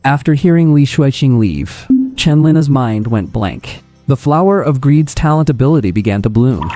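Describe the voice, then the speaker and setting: Casting: male narrator for a comic recap, mellow warm tone, steady storytelling, faint music underneath. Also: medium pitch, moderate pace.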